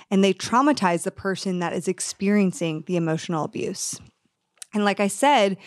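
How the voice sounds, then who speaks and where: A woman's voice: medium pitch, no echo, clean studio sound. A woman in her thirties hosting a podcast, telling a personal story and giving advice in an earnest, candid way. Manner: earnest, candid, acts out quoted dialogue. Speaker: podcast host.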